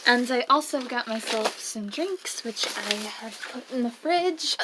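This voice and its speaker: A young woman with a slightly high voice talks casually through a vlog while she has the hiccups, showing off her purchases in a dorm room. Faint noise sits under the recording. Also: animated, measured pace. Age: young adult. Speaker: vlogger.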